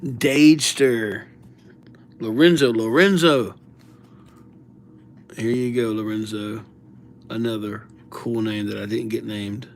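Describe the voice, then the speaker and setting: A man hosts a calligraphy livestream, chatting casually in an easygoing, jokey way and reading viewers' names aloud. He talks slowly and mumbles, his fairly low, fairly even voice drifting in and out of the mic as he writes, with slight background noise.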